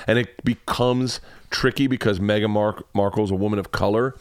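A man's voice: lowish voice, fairly even intonation, no echo. A man hosting a comedy podcast, rambling through celebrity news with lots of swearing. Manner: profane, rambling, quick asides. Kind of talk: casual comedy podcast rant.

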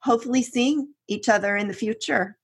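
A woman co-hosting a parenting podcast, asking questions in an unhurried way over a video call. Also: on the high side, slightly rough. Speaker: podcast co-host. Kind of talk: casual interview talk.

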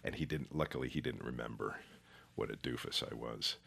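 A man's voice: very deep voice, fairly quick, vocal fry, bright, forceful tone, slightly rough. A middle-aged man, an actor being interviewed, telling stories in a rambling, self-deprecating way. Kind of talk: casual interview chat.

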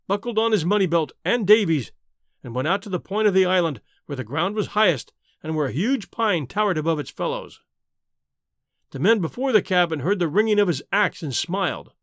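A man's voice: high-pitched, a bit bright, dry recording, clean studio sound. A man narrating a classic adventure story in a dramatic, storytelling manner. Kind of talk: scripted audiobook narration.

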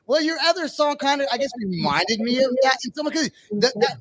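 Lively, high-voiced American man host. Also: a little fast. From United States. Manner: loose, rambling, swears freely. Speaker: podcast host. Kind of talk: casual interview chat.

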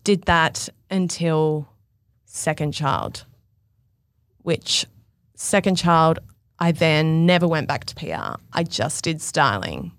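A woman's voice: sits low, takes it slowly, no echo, clean studio sound. A woman, a fashion stylist chatting casually and acting out the people in her stories. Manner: animated storyteller acting out quotes. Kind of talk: casual podcast chat.

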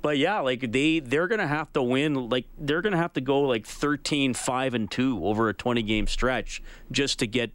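A man's voice: mid-range voice, normal speed, hardly any pauses, fairly bright tone, no echo. Man hosting sports talk radio. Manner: conversational, thinking aloud with restarts.

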